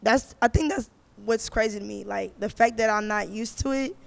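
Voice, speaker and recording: A man with a hoarse, cracking voice, chatting as a podcast guest in a laid-back, profane, upbeat way. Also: high voice, normal speed, a bit bright, big-room sound. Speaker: guest musician. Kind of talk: casual podcast chat.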